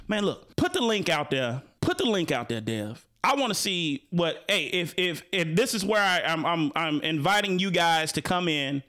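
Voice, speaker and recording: A man hosting a casual live-stream talk, animated and joking, full of restarts and asides to the audience. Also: on the high side. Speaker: show host.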